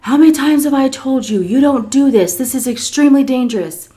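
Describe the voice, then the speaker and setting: A woman's voice: sits high, a little fast, mellow, pitched above the performer's own voice, natural voice. A woman doing a firm, scolding middle-aged woman. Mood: exasperated.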